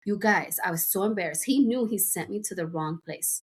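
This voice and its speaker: A woman's voice: mid-range voice, brisk, hardly any pauses, breathy edge. A middle-aged woman from the United States, a podcast guest, chatting casually and telling a rambling story full of fillers and asides. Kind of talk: casual chat.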